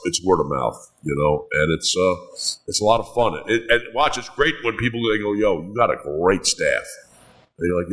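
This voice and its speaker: A man's voice: on the low side, fairly bright tone, poor audio. A middle-aged man, a bar co-owner telling rambling stories with lots of swearing and "man.". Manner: rambling, swears a lot, says "man" often. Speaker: bar co-owner, podcast guest. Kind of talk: casual storytelling chat.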